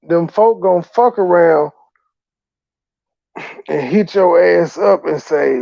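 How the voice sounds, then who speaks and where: A man's voice: a little high, unhurried, gravelly, long pauses, warm tone, no echo, dull audio. A man hosting a reaction commentary, profane, ranting and taunting. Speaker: host.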